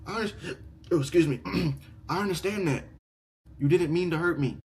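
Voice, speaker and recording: Young man, casual reaction host, reads stories aloud, fairly high voice, excitable, repetitive, cursing. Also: normal speed, pauses often. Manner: excitable, repeats himself, swears freely, swings from loud outbursts to low mutters.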